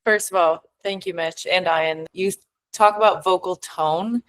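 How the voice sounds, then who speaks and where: Low-voiced woman discussing coaching voice. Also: fairly even intonation, measured pace, poor audio. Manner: conversational, reflective, thinks aloud. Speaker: fitness coach.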